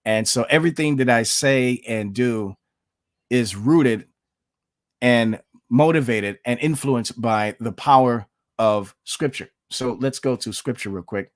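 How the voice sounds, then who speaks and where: A man's voice: mid-range voice, measured pace, dry recording, studio quality. A man giving blunt, sarcastic reaction commentary, peppered with "okay?" and "you know", sliding into a preacher's tone when he cites scripture. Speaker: online commentator.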